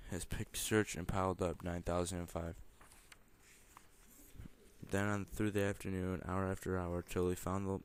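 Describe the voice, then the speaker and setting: A young man reads a children's rhyming storybook aloud without putting on voices. His voice sits very low and level, with a smooth, clear tone, and he stumbles and corrects himself now and then. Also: darkish tone. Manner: plain, mostly unvoiced reading with small stumbles and self-corrections. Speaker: student reader. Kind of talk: reading a picture book aloud.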